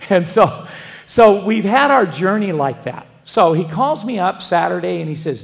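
A man's voice: high voice, expressive, moderate pace, gravelly. A man, a pastor, preaching a sermon and wandering into folksy personal stories with frequent restarts. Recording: long hall reverb.

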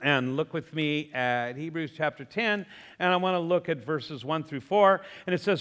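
Bright-voiced man preaching a sermon. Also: fairly high pitch, moderate pace, big-room sound. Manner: animated storytelling, emphatic. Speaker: pastor.

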